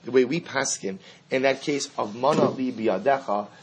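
Male Talmud teacher, husky voice, emphatic and animated delivery. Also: mid-range voice, normal speed. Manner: animated, emphatic, acts out both sides of the case. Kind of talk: Talmud lecture.

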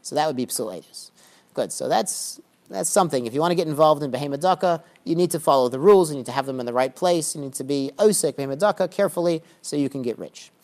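Man teaching a relaxed Talmud class. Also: fairly high pitch. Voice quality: reads Aramaic phrases slowly, then explains them in casual English. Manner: relaxed, chatty, with dry joking asides. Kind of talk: Talmud class, reading and translating.

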